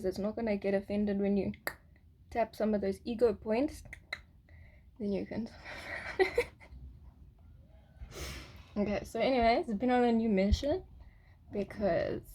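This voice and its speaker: A woman's voice: medium pitch, dark tone, a little hiss or hum. A woman rambling through a casual spiritual vlog monologue, giggling often and swearing casually. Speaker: spiritual vlogger.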